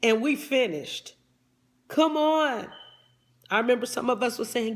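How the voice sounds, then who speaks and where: Casting note: woman motivational coach, high-pitched voice, fervent preaching delivery. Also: slow pace, pauses often. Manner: fervent preaching cadence, repeats "come on". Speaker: life coach. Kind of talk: motivational talk.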